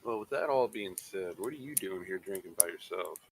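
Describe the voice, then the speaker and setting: A man's voice: low voice, expressive, a little fast, creaky, slight background noise. A man playing in a tabletop game, joking and asking questions in casual banter. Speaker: player. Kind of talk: tabletop role-play.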